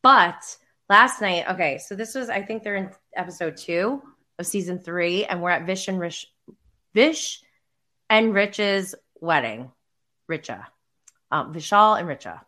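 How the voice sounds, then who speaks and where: A woman's voice: on the low side, expressive, measured pace, pushed and bright. A young woman hosting a show, chatting casually and rambling through a TV recap with lots of fillers. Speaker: podcast host.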